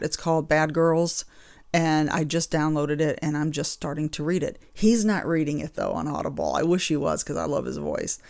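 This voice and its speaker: A woman's voice: sits low, vocal fry, a little mellow, dry recording, clean studio sound. A woman hosting her own podcast, chatting casually and rambling, getting exasperated over small annoyances. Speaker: podcast host. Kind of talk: casual chat.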